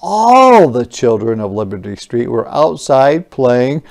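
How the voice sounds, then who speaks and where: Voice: medium pitch, sing-song, slow pace, creaky, darkish tone. A kindergarten teacher reading a picture book aloud with expression, stopping to explain words and ask the children questions. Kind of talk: interactive children's read-aloud.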